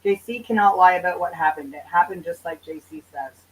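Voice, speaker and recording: A woman's voice: lowish voice, a little fast, far from the mic, rough recording. A woman hosting a livestream in casual chat, answering viewers' comments in a loose, profane, bantering way. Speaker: livestream host.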